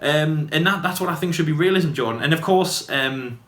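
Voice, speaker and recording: A man's voice: fairly high pitch, a bit bright. Rambling man in an echoey room. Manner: rambling, quick, full of fillers and restarts. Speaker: podcast co-host. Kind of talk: casual debate chat.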